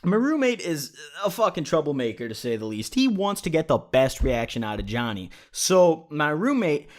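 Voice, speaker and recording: A man's voice: a little high, big pitch swings, moderate pace. A young man recounting his own story on his vlog in a casual, joking manner, swearing freely. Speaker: YouTuber.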